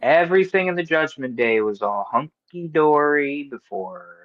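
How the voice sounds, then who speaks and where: Casting: podcast co-host man, lively and profane, on a dull lo-fi mic. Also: a little high. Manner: animated, swears, does quick voices of the people he quotes. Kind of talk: casual wrestling recap chat. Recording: dull lo-fi recording.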